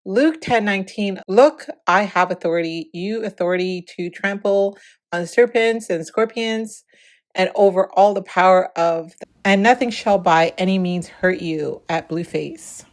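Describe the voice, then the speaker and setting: A woman's voice: medium pitch, measured pace. A woman hosting a celebrity gossip vlog, giving preachy, opinionated commentary with emphatic repetition.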